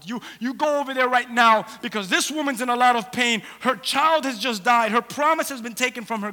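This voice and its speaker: A male preacher retelling a scripture story dramatically, acting out the voices and swinging from hushed lines to shouting. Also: extremely high pitch, fast talker, few pauses. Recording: long hall reverb.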